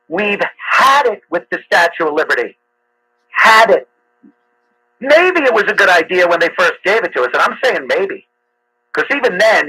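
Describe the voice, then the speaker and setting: A man's voice: high-pitched, bright, forceful tone, slightly rough, low-quality recording. A man hosting a talk radio show, delivering a sarcastic, ranting monologue with frequent fillers.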